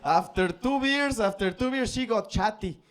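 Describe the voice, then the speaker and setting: A man from Mexico performing a stand-up comedy set on stage, telling stories animatedly and acting out voices, with swings between loud and soft delivery. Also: high voice, moderate pace. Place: comedy stage before a live audience. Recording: live club crowd audible. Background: audience laughter.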